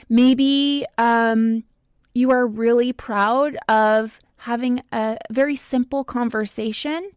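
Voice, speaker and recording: A woman's voice: fairly high pitch, no room sound. Emphatic woman giving a motivational talk. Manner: emphatic, preaching to the listener. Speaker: podcast host.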